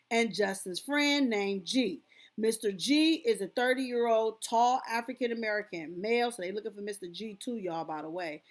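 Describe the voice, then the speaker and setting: A woman hosting a live stream, reading documents aloud and breaking off into exclamatory, chatty commentary to her viewers. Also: mid-range voice.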